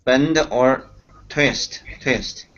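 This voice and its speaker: A man learning English, answering in halting phrases while searching for words. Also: medium pitch, a bit bright, muffled recording. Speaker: student.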